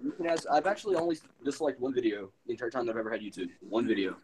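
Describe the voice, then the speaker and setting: A man chatting on a live stream in an animated, excitable way, swearing a lot over online voice chat. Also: medium pitch, very fast, background noise. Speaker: guest on a stream.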